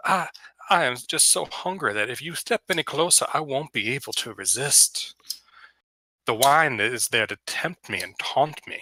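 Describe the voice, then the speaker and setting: A man's voice: mid-range voice, lively intonation, normal speed, bright, forceful tone, dry recording. A man voicing a genteel Southern-accented vampire who is smiley, drawling and barely hiding his hunger. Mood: mock-genteel. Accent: American Southern. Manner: overly smiley, drawling, mock-polite.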